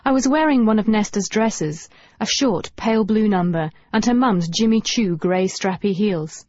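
Woman narrating with lively, wry humour. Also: medium pitch, normal speed, no echo. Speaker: audiobook narrator. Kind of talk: first-person novel narration. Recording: dull dry audiobook recording.

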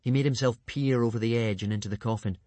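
A man reading a story aloud with lively, dramatic narration. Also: medium pitch, fast, no echo.

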